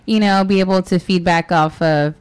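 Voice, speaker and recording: A young woman hosting a radio talk show, chatting casually and fast with a lot of fillers and giggles. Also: on the low side, fairly even intonation, a little mellow, smooth.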